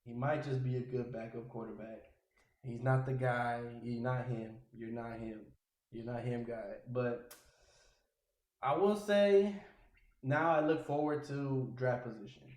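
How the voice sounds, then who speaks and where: A man hosting a casual sports podcast, ranting in an exasperated, animated way. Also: medium pitch, unhurried, roomy sound, rough recording. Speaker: podcast host.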